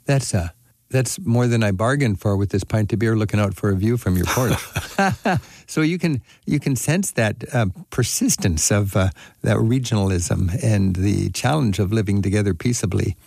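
A man's voice: fairly low pitch, normal speed, creaky, a little mellow, no room sound, studio quality. A man hosting a travel radio show, interviewing a guest in an enthusiastic, chatty way with frequent fillers.

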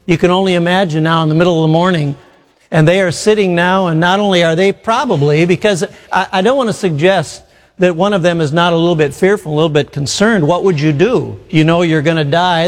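A man preaching a sermon, asking rhetorical questions and slowing down to stress key phrases. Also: fairly high pitch. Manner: rhetorical questions, emphatic with slow drawn-out phrases. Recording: long hall reverb.

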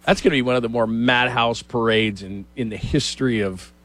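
A middle-aged man hosting a sports talk show, chatting casually and telling animated stories. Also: medium pitch, fairly quick, no room sound. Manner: chatty storyteller, animated asides.

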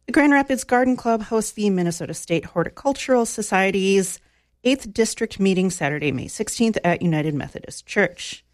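A woman's voice: mid-range voice, dry recording. A woman hosting an evening radio music show, chatting casually about the songs she just played and reading local community announcements into a studio microphone. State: slightly out of breath. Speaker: radio DJ host. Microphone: studio microphone, close.

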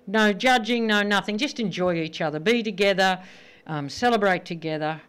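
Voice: medium pitch, normal speed, a bit bright, clean tone. A radio host chatting casually, sending well-wishes and telling jokes, laughing at the punchlines.

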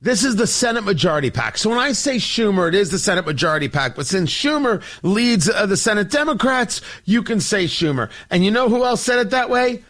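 A man's voice: high voice, very animated, fairly quick, hardly any pauses, fairly bright tone. A man hosting a political commentary show, delivering an opinionated monologue with sarcasm and theatrical asides to his audience.

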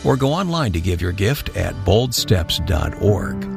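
A low, gravelly male announcer reads a scripted sign-off with lively pitch, spelling out addresses and phone numbers. Clear music plays under him throughout. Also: measured pace. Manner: smooth promotional read, spells out contact details. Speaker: radio announcer. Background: music bed.

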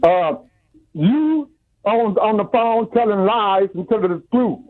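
A man's voice: high-pitched, expressive, a little slow, no echo. A man calling in to a radio talk show, angry and accusing, repeating himself, his voice muffled. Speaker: caller. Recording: muffled tinny phone line.

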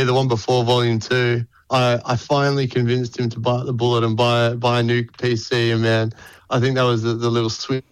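A man in a band being interviewed, talking in a relaxed, candid way with some swearing and stammering. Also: medium pitch, smooth, no echo, low-quality recording. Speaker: band member guest. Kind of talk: casual interview chat.

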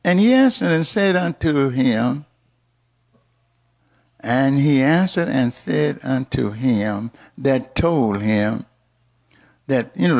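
A man preaching a sermon, with call-and-response and sudden high emphatic peaks. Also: expressive, slow, gravelly, long pauses, darkish tone.

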